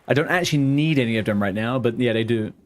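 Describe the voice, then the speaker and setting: Guy rambling to chat while he plays, swears a lot, average pitch, pretty laid back. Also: quick pace. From England. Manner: loose, rambling banter with chat, swears casually. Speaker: streamer. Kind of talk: casual live-stream chat while gaming.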